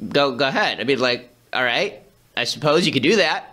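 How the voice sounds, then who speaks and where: A man hosting a political commentary show, talking fast with sarcastic, incredulous asides. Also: medium pitch, lively intonation, sharp tone. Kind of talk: rapid political commentary monologue.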